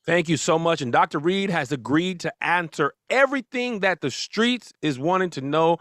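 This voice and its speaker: A man's voice: fairly high pitch, expressive, moderate pace, fairly bright tone, dry recording, clean studio sound. A man hosting a talk show in a loose, joking way, introducing a guest and asking questions. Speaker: host.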